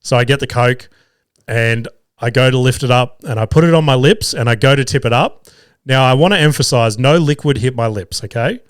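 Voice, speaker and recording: A man's voice: mid-range voice, fairly quick, clean tone, no echo, studio quality. An Australian man hosting a podcast, telling a family story in a casual, profane, laughing way. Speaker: podcast host; father of two young boys.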